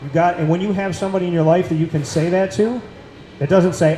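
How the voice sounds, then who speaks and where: Earnest man with a dark, echoey voice. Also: high-pitched, steady tone, fast, slight background noise. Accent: Central New York. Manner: earnest, emphatic, repeats phrases for weight. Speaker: podcast host. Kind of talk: casual talk-show conversation. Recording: echoey room.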